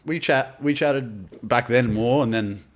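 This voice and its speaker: An Australian man in casual podcast chat, telling animated anecdotes and swearing freely. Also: medium pitch, slow. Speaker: podcast guest, artist.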